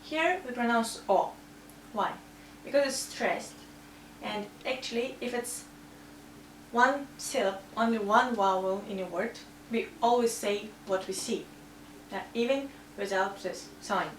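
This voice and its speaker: A woman with a Russian accent teaching a language lesson, saying example words slowly and carefully. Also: fairly high pitch, recorded from a distance. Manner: careful, drawn-out demonstration of words. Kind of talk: slow spoken language lesson. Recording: echoey room, voice from off mic, faint hum.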